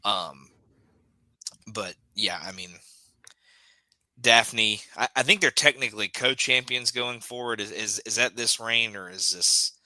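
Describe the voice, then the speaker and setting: A man co-hosting a podcast, giving blunt opinions in a halting casual chat full of restarts. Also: fairly low pitch, sharp tone, no echo, rough recording. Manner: hesitant, repeats words, blunt verdicts. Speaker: podcast co-host.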